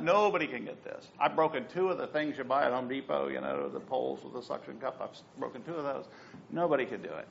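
A man's voice: fairly high pitch, fast, vocal fry, a little hiss or hum. A middle-aged man preaching a sermon as pastor, telling stories with asides. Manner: animated storytelling with asides. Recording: dull lo-fi sound.

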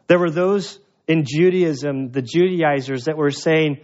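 A man delivering a sermon from the pulpit, talking through scripture in a conversational, emphatic way with some self-deprecating humor. His voice sits a bit high for a man. The recording is dull and lo-fi. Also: lively intonation, a little slow, hardly any pauses, darkish tone. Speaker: pastor. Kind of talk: expository sermon.

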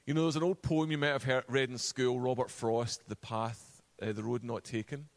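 A man preaching a sermon, animated, acting out quoted voices, and dropping to a soft, low voice for emphasis. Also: moderate pace. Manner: acts out quoted voices and asides.

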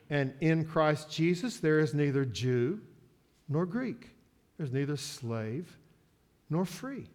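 A man preaching a sermon, moving from quiet asides to loud, drawn-out declarations. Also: on the high side. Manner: slow, emphatic preaching with sports metaphors; swings from soft asides to loud, stretched-out declarations. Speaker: pastor.

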